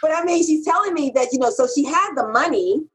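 A woman's voice: fast, background noise. A middle-aged woman, a freelance copywriter, telling stories in an interview in a candid, emphatic way. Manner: animated, emphatic, pitch jumps when quoting herself.

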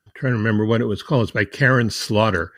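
A man hosts a podcast in a fairly low voice, working through his points one by one and reading passages aloud. His delivery is conversational and the sound is dry and close. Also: fast, fairly bright tone, dry recording. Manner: explains points in a numbered list, reads quotes aloud. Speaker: podcast host. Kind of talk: conversational podcast talk on marketing.

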